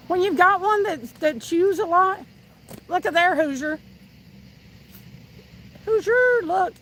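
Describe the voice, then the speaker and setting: A Tennessee woman with a high voice talks casually to her live audience, reading their comments aloud. She laughs easily and restarts her sentences a lot. She is outdoors fishing, and faint noise from outside sits behind her voice. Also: fairly bright tone, rough recording. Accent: Southern US, Tennessee. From Tennessee, USA. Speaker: livestream host reading chat. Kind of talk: casual chat with live viewers.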